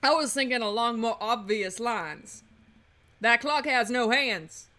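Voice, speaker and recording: A woman's voice: fairly high pitch, lively intonation, unhurried, bright, forceful tone. A woman voicing a theatrical bird detective in a video game, with a put-on Southern US accent. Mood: formal. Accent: mock Southern US. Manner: drawling, theatrical.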